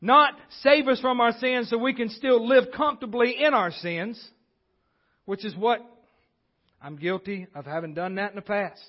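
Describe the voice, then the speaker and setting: Man, pastor, high voice, sermon, conversational, repeats himself, muffled lo-fi recording. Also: moderate pace. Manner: conversational preaching with frequent restarts. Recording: dull lo-fi recording.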